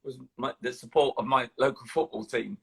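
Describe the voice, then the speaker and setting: A husky older man with a London accent chats as an interview guest. He tells his story in an animated way, stopping often with ums and restarts. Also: mid-range voice, moderate pace. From London, England. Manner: animated storytelling, hesitant fillers. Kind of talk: casual interview chat.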